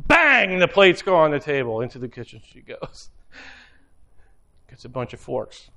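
A man's voice: on the high side, very animated, normal speed, creaky, pushed and bright, slight background noise. A man giving an informal sermon, telling stories in a rambling, conversational way with many fillers.

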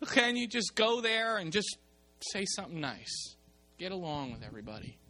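A man's voice: sits high, very animated, moderate pace, bright, forceful tone, faint music behind, exaggerated voice. A preacher voicing an anxious male royal messenger who begs a prophet to go along with the others. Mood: pleading. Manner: coaxing, exasperated.

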